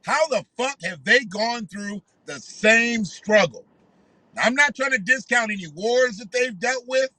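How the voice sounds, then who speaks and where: Bright, heated ranting man. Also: very high-pitched, lively intonation, a little slow, no room sound, low-quality recording. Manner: heated, profane, conversational. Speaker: commentator. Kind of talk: ranting commentary.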